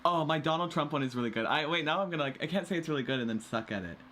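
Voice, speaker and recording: Male vlogger, casual chat, rambling, stops and restarts sentences, lively up-and-down pitch, faint background hiss. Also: very fast. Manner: rambling, breaks off mid-sentence. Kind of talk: casual chat while editing.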